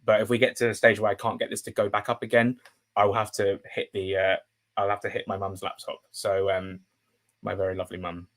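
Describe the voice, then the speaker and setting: On a live stream, a young man who covers football talks briskly in a lowish voice. He rambles, uses fillers, restarts his sentences, and erupts into excited, emotional bursts.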